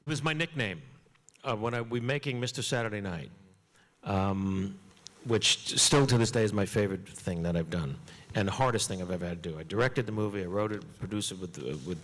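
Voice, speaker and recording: A man with a somewhat low voice tells a comic story on stage, animated and swooping up for punchlines. His voice carries a long reverb from a large hall. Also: brisk. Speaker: comedian guest.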